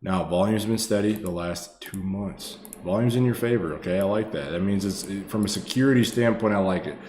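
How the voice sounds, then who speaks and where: On a live stream, a man casually talks viewers through stock charts, swearing freely and calling them brother and boss. His low, darkish voice is brisk. The room is echoey with faint ambience and slight background noise.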